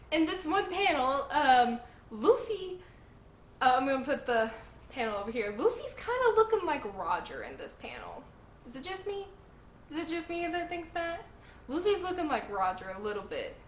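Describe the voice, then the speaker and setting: An excitable woman gushes through a story recap, repeating herself for emphasis. Her voice sits a little high. The room around her is echoey, with a faint hiss underneath. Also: moderate pace. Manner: gushing, animated, emphatic repetition. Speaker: host.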